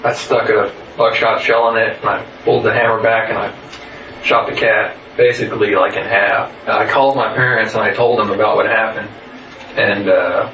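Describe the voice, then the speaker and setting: A man recounting events in a flat, halting voice with many pauses. He sounds far from the mic, with echo around him. The recording is muffled and faintly noisy. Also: fairly low pitch. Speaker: interviewee. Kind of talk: recorded interrogation statement. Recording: muffled, roomy, distant recording.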